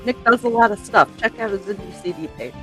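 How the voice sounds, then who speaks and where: A woman co-hosting a livestream in casual chat, reacting quickly and with energy. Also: medium pitch, bright, forceful tone, faint music behind.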